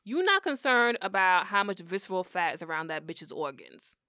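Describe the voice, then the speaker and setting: A woman's voice: medium pitch, expressive, normal speed, pushed and bright, no room sound, clean studio sound. A young woman co-hosting a podcast, ranting bluntly in casual slang. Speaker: podcast co-host. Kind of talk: casual chat.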